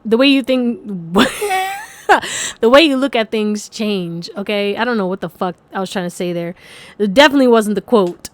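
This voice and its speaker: A woman's voice: mid-range voice, expressive, moderate pace, dry recording. A young woman giving a casual pick-a-card tarot reading, chatty and rambling, swearing freely and laughing often.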